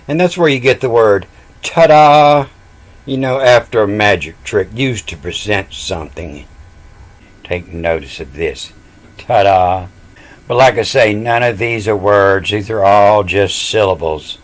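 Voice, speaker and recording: A self-taught scripture reader with a deep, low voice gives a casual lecture, spelling out letters one at a time. He speaks slowly and sounds confident, dismissing other teachers.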